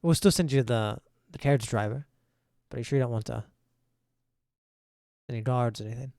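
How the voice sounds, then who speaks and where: A man's voice: mid-range voice, brisk, creaky, warm tone, no room sound, studio quality, natural voice. A man voicing a polite male estate host in a tabletop game, businesslike and accommodating. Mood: courteous.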